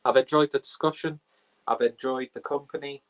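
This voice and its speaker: A man's voice: mid-range voice, steady tone, fairly quick, poor audio. A man hosting a casual film podcast, rambling and offhand with crude jokes, recorded on a phone camera. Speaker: podcast host.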